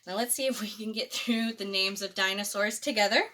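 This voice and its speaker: A woman librarian reading a picture book aloud to children, expressive and chuckling. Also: medium pitch, fairly quick. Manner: expressive, chuckling between pages.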